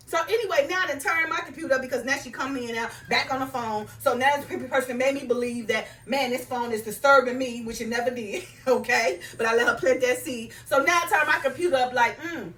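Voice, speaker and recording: A woman's voice: high voice, bright, forceful tone. A woman giving a conversational spiritual talk to her viewers, checking in with "right?" and "you understand?" as she goes. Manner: reads scripture aloud in King James wording. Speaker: faith vlogger. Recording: echoey room, voice a bit far from mic.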